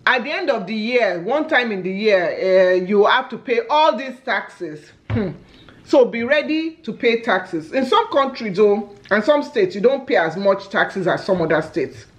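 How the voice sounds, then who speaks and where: A woman from Nigeria with a Nigerian English accent, chatting as a family vlogger while eating on camera, a lively storyteller who exclaims often. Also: mid-range voice, a little slow.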